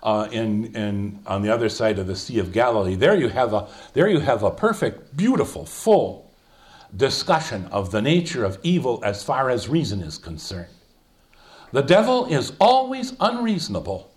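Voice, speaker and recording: A man's voice: medium pitch, sing-song, moderate pace. An older man leading an informal Bible study, thinking aloud with many fillers and restarts as he explains a passage. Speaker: Bible teacher.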